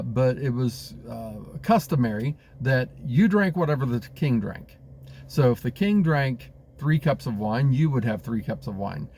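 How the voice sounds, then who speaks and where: A man's voice: medium pitch, a little mellow, slight background noise. A man who leads a congregation, teaching a Bible study in a conversational way with frequent fillers and restarts. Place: Pennsylvania.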